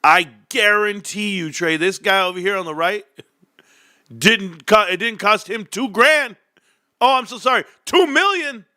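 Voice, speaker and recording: A man rants in sarcastic, profane commentary about stocks. His voice is fairly high and bright with a forceful edge. The sound is close and dry, with no room in it. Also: a little slow, no room sound. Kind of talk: casual ranting commentary.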